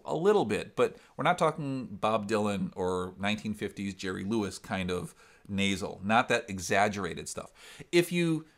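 A man with an upper Midwest American accent and a resonant voice, explaining singing technique step by step in a vocal lesson. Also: on the low side. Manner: explains step by step, breaks into sung demonstrations. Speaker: singer and vocal coach.

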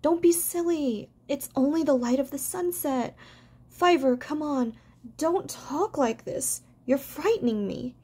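A woman's voice: high voice, measured pace, a little mellow, pitched above the performer's own voice. Woman voicing a firm, protective buck rabbit. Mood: urgent. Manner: firm, reassuring. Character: steady young male rabbit, protective leader.

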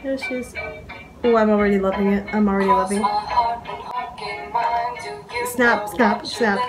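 A woman's voice: mid-range voice, steady tone, normal speed, low-quality recording. A young woman making a casual reaction vlog, gushing, swearing and squealing as she reacts to music. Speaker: YouTuber reacting to music videos. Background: music playing.

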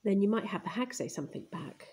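A woman's voice: mid-range voice, lively intonation, fast, darkish tone. A woman teaching a primary class writing lesson, narrating as she writes and murmuring words while she writes them, recorded on a phone camera pointed at the page. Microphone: phone camera filming the page.

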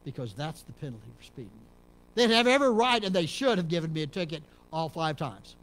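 A middle-aged man from Texas, a pastor preaching a sermon in a church, dropping to low murmurs and rising to loud emphatic peaks. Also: expressive, quick pace. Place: church sanctuary.

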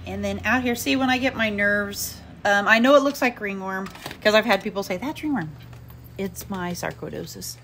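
A woman talks through a casual home vlog on a handheld camera, full of ums and small asides. Her voice sits at an ordinary pitch, and clear background noise runs under the recording. She sometimes drops to a whisper. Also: moderate pace, a bit bright. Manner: chatty, rambling, many "um"s. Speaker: vlogger. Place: at home, inside and in the yard.

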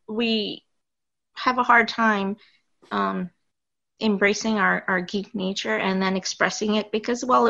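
Woman, New York accent, podcast host, exuberant, rambling, bright tone, lo-fi sound. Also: mid-range voice, vocal fry. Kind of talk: casual interview wrap-up. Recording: slightly dull lo-fi audio.

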